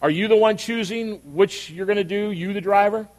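A man's voice: sits high, moderate pace. An older man, a pastor, preaching a sermon in a conversational storytelling way that builds to emphatic questions. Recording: long reverb of a hall.

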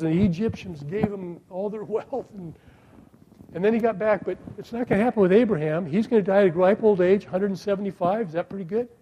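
A middle-aged man preaching a sermon, asking the congregation rhetorical questions and dropping from loud emphasis to a hushed voice. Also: high voice, highs cut off, slight background noise. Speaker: pastor.

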